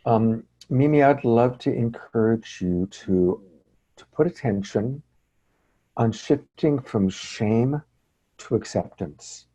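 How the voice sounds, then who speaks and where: A man coaching a training group over a video call, speaking in a gentle, encouraging, affirming way. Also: medium pitch, takes it slowly, low-quality recording.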